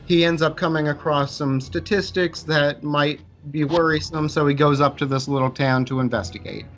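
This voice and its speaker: A man's voice: a little high, fairly even intonation, normal speed, a bit bright. A man co-hosting a casual movie review podcast, summing up the plot with wry criticism. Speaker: podcast co-host.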